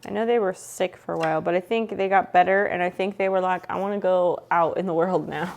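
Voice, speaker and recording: A woman's voice: fairly low pitch, fairly even intonation, a little fast, vocal fry, a little mellow. A woman streaming from home, chatting casually with viewers, playful and teasing, with some swearing.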